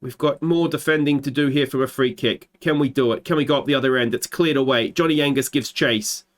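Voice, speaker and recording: An Australian man hosting a football management let's play, calling his match like a commentator and swinging into excited shouts at big moments. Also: mid-range voice, brisk. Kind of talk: gameplay commentary.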